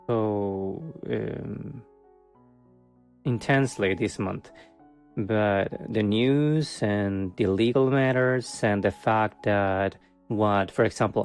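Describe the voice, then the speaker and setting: A man's voice: on the low side, darkish tone. A man giving a casual tarot reading for the month, rambling with many fillers, chuckling often and joking with wry sarcasm. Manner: wry, self-mocking sarcasm. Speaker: tarot reader.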